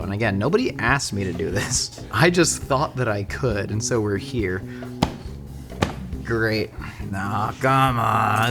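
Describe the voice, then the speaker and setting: A man hosting a cooking show, chatting in a jokey, rambling way while he cooks. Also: fairly low pitch. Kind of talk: casual cooking chat. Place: studio kitchen.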